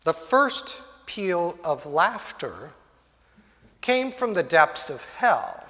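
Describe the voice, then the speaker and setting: A man's voice: high voice, big pitch swings, very slow, sharp tone. A male preacher telling a story in a sermon, vivid and dramatic, in a church hall. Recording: long hall reverb.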